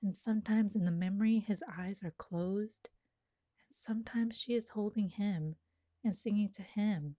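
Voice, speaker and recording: A woman reads a poem aloud in an intimate, lyrical manner, lingering on images. Her voice is warm and mellow at a middle pitch. The sound is dry and close, with no room echo. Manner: slow, lyrical, intimate delivery. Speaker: poet. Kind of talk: poetry reading.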